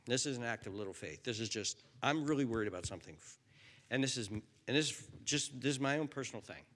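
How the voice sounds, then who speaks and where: A man preaching a sermon with earnest, pleading intensity. His voice sits at an ordinary pitch for a man but leaps around in an animated way, climbing high on his pleas. Then he sinks to a soft, hushed near-whisper. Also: fast talker. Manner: earnest, pleading, swings between loud and soft. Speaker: pastor.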